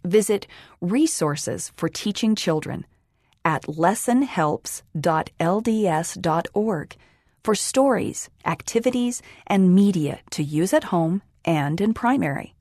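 A woman reads a children's magazine aloud in a calm, even way. Her voice sits fairly low for a woman. The recording is dry and close. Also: takes it slowly, dry recording. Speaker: magazine reader. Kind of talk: scripted audio magazine reading.

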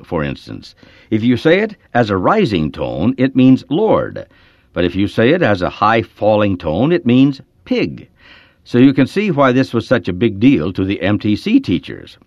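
A man with a low voice narrates a short story aloud, and his pitch rises and falls in lively swings as he leans on key words. The recording is dull and muffled. The sound is dry and close, with no room echo.

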